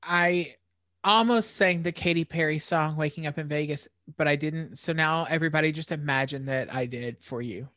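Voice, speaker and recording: Low-voiced woman with wry jokes, dry sound. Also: normal speed, a bit bright, dry recording. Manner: wry, joking interjections. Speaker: podcast co-host. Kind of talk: casual chat.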